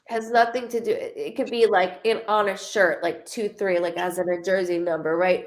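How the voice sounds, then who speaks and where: A woman psychic medium giving a live reading, talking in a rambling, emotional way and cursing freely. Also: medium pitch.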